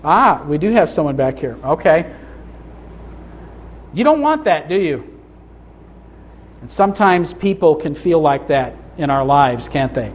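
A middle-aged man preaching a sermon in a church, earnest, slowing down to read scripture and lifting his voice for emphasis. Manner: earnest, rises in pitch for emphasis, reads scripture slowly. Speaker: pastor. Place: church sanctuary.

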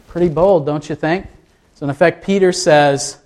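A man's voice: on the high side, a little fast, darkish tone. A man preaching a sermon in a conversational way, asking his listeners rhetorical questions. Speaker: pastor.

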